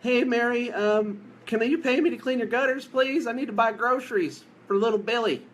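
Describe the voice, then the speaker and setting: A man's voice: very high voice, normal speed, a bit bright, pitched above the performer's own voice, poor audio. A man voicing a timid male business owner who begs a customer for work on a sales call. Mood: pleading. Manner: meek, hesitant, whiny.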